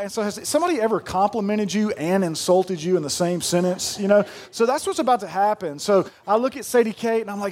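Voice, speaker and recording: A pastor in his thirties with a high, light voice. He preaches in a folksy, joking way and drops asides to the congregation as he tells his stories. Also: fairly quick, darkish tone. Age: 30s. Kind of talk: sermon.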